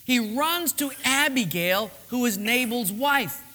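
Pastor; humorous, animated sermon delivery, echoey hall. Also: male voice, very high voice, slow pace. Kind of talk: sermon storytelling.

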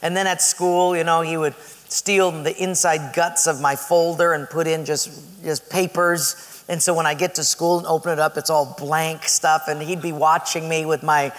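A man preaching a sermon, telling a story in a lively way with laughter. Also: fairly high pitch, moderate pace, big-room sound.

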